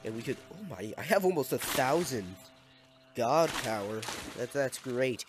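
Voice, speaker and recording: A man's voice: medium pitch, lively intonation, moderate pace, over music. A young man giving casual, playful gameplay commentary, exclaiming at and scolding the little villagers in his game.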